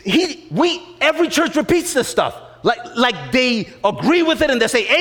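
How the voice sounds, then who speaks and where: A man delivers a sermon in a high, animated voice that rises and falls widely. He hammers home phrases by repeating them and keeps asking his listeners questions. The sound trails off in the long reverb of a church hall. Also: moderate pace, few pauses. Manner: emphatic, repeats phrases, asks the congregation questions. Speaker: preacher.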